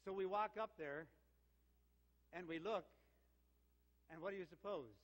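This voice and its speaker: An older man preaching as interim senior pastor. He tells his stories with lively back-and-forth, in a voice that sits a little high for a man. The sound carries a long reverb from the church sanctuary. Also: a little slow. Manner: warm storytelling with lively quoted exchanges. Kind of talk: sermon with anecdote.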